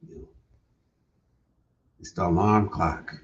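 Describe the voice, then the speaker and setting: Speaking slowly in a low, steady voice, a man hosts a casual livestream, relaxed and repeating what he says, frequently tacking "man" onto the end. The audio is distant and dull, with a lo-fi quality.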